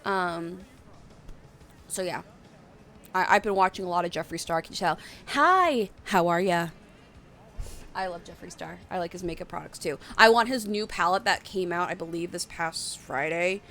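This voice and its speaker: Bright-voiced woman chatting on a stream. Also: fairly low pitch, fairly even intonation, moderate pace, slight background noise. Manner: rambling, chatty, reads chat aloud. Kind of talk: casual live-stream chat.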